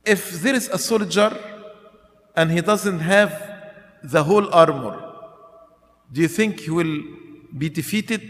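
A man preaching a sermon slowly and emphatically, counting off his points and asking rhetorical questions. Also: high-pitched. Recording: long hall reverb.

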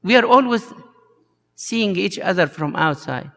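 A priest preaching a sermon at an unhurried, halting pace, full of small hesitations. His voice is gravelly and a little high, and a long hall reverb rings behind every phrase. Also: animated, fairly bright tone. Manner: slow and halting, many uh fillers, acts out the story's voices.

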